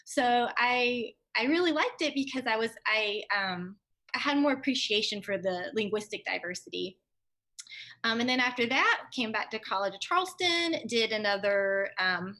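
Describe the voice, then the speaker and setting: A young woman, a Spanish teacher, chatting casually as an interview guest and telling lively stories. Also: medium pitch. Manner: chatty, animated storytelling with fillers.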